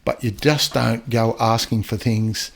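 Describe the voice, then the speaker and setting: A man's voice: mid-range voice, steady tone, gravelly. An older man with an Australian accent, a retired police officer telling stories in a casual interview, often repeating words as he goes. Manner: halting, repeats words as he talks.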